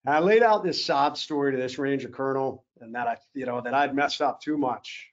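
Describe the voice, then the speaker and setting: Speaking at a moderate pace in a mid-range voice, a keynote speaker delivers a motivational evening talk in an event hall. He shares a personal story earnestly and acts out the officers he quotes, all in slightly dull lo-fi sound.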